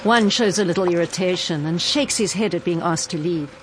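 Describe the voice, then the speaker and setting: A woman reading a scripted news report in an even, measured way. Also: on the low side, slight background noise.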